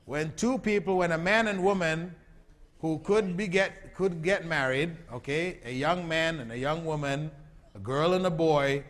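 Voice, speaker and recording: Man lecturing in a reverberant hall. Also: on the high side. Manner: quizzes the audience with repeated questions. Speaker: Islamic lecturer. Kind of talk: lecture to a live audience.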